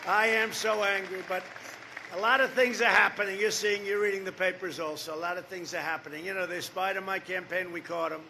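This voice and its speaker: A man's voice: sits high, a little fast, creaky, sharp tone, slight background noise. A man in his seventies giving a campaign rally speech, rambling and repetitive, with off-script asides to the crowd. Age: 70s. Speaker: political candidate.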